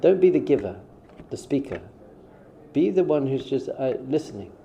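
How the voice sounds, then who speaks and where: A man's voice: medium pitch, sing-song, normal speed, mellow, a little hiss or hum. A man who is a rabbi, giving a conversational spiritual talk in an informal way and acting out short quoted exchanges. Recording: dull, muffled sound.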